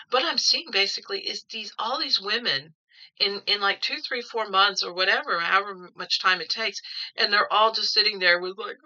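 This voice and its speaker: A woman's voice: mid-range voice, sharp tone, highs cut off. A woman giving a casual tarot reading at home, rambling and opinionated, often repeating words as she thinks. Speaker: tarot reader.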